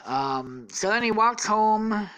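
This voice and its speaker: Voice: mid-range voice, animated, slow, pushed and bright, clean tone, low-quality recording. A worn-out podcast host tells a made-up story off the cuff. The delivery rambles, trips over itself and is full of "um"s, "like"s and casual profanity. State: tired.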